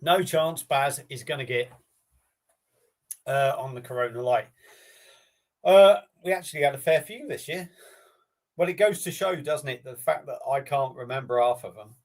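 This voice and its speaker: A man hosts a relaxed live stream, talking off the cuff to viewers. His delivery is rambling and matey, with easy swearing thrown in. His voice sits at an ordinary middle pitch. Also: normal speed, pauses often. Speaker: beer review streamer. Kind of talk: casual live-stream chat.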